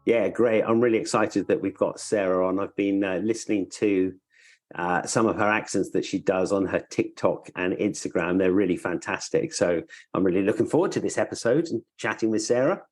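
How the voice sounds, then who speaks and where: Low-voiced enthusiastic podcast co-host man. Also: brisk, a little mellow. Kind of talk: casual interview chat.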